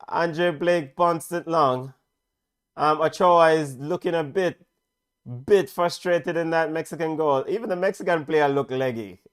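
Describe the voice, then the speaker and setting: A man with a Jamaican accent, hoarse from calling the game, giving chatty live football commentary that bursts into shouts. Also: a little high, slow, pauses often. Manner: excitable, chatty, bursts into shouts at big moments. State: hoarse, voice worn out. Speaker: play-by-play commentator.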